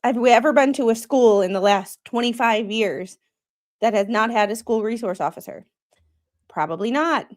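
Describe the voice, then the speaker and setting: A woman's voice: on the high side, normal speed. A woman from Wisconsin with a Wisconsin accent, chatting casually with viewers on a live stream and chuckling as she reacts. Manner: chatty, chuckles often, talks straight to viewers. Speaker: streamer reacting to body cam footage.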